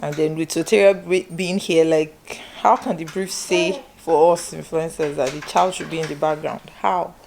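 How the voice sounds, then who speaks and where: A woman's voice: low-pitched, steady tone, normal speed, gravelly, hardly any pauses, a little mellow, a little hiss or hum. A woman, chatting casually to camera as a vlogger. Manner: chatty, talks straight to viewers. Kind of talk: casual vlog chat to camera.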